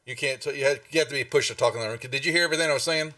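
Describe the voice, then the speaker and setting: A man narrating as game master in a tabletop game, speaking in a halting way with many restarts. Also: mid-range voice, bright, forceful tone, recorded from a distance.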